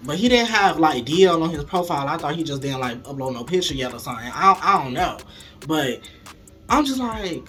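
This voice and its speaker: A young man telling a casual storytime, animated and profane, acting out the dialogue as he goes. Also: a little high, fairly quick, faint music behind.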